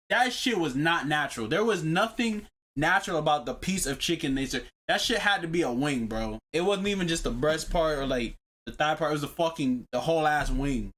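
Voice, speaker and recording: A man's voice: a little high, fairly bright tone. A man co-hosting a podcast, telling a story in a casual chat, slangy and profane. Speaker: podcast co-host.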